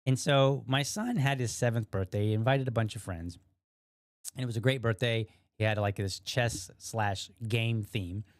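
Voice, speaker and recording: A man in his thirties hosting a podcast, telling a personal story casually, rambling and animated with restarts and acted-out quotes. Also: medium pitch, moderate pace, no echo, studio quality. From USA. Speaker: podcast host.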